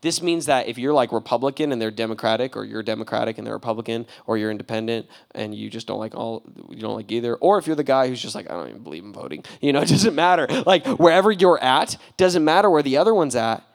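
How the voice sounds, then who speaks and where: A young man preaching a casual, animated sermon, full of slang and acted-out quotes. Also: medium pitch, quick pace, gravelly, few pauses. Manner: animated, casual slang, acts out voices with laughs. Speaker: pastor.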